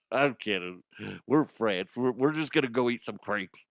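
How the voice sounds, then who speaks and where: A man's voice: mid-range voice, animated, a little slow, no room sound, studio quality, lightly acted. Brief: meek sheepish Frenchman, mumbling, put on by a male host.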